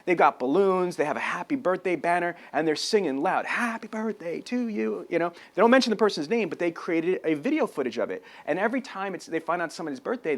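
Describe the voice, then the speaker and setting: Man, sales trainer, fairly high pitch, lively storytelling, talking to camera. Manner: animated storyteller, acts out phone calls. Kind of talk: energetic sales training talk.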